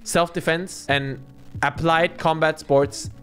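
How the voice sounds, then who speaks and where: A man's voice: a little high, fairly even intonation, takes it slowly, fairly bright tone, faint music behind. A man doing casual reaction commentary in a blunt, scornful way, swearing freely. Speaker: reaction streamer.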